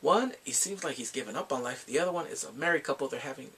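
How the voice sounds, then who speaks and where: A man giving a casual, rambling movie review, laughing often and acting out quotes in high voices. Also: animated, quick pace, sharp tone, breathy edge.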